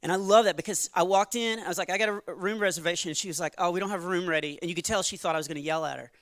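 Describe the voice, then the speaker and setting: A man in his forties tells a stand-up set to a live crowd, with a bright, forceful edge and a fairly high voice for a man. He strings anecdotes together in a chatty way and slips into short acted-out quotes. The sound is close and dry. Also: very fast, no room sound. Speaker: stand-up comedian. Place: live venue with audience.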